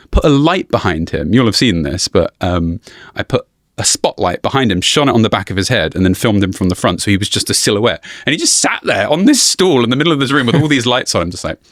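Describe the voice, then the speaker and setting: A man with a fairly low voice that swings widely in pitch, chatting as a podcast guest. He tells stories with plenty of laughter, animated and relaxed. The sound is close and dry. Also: fairly quick, no room sound. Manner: laughs often, animated storytelling. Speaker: YouTuber guest. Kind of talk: casual interview chat.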